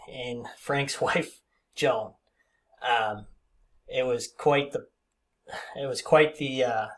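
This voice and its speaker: A man in his fifties telling a casual, rambling story with many fillers and restarts. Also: mid-range voice. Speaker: vlogger.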